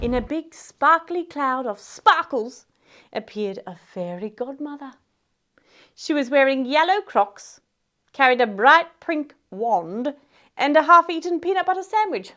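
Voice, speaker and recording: A woman's voice: sits high, animated, unhurried, a bit bright. A woman reading a silly fairytale aloud for kids in a garden, with playful asides to her young audience. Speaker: children's storyteller. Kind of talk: read-aloud storytelling for kids. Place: outdoors in a garden.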